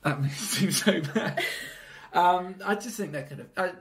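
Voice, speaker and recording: A man appearing as a guest on a film podcast, chatting casually in a relaxed, self-deprecating way and laughing often. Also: sits high, moderate pace.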